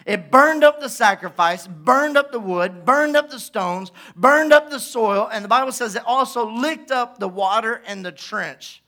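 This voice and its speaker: Bright, high-voiced pastor preaching animatedly. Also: male voice, measured pace, hardly any pauses. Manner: animated storytelling, acting out quotes in asides. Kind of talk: sermon.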